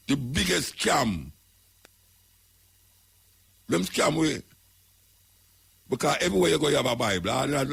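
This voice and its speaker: A man's voice: medium pitch, gravelly, fairly bright tone, slightly rough. A man with a Jamaican accent, talking as a radio host in an emphatic, preaching way, repeating his points. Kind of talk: talk radio commentary.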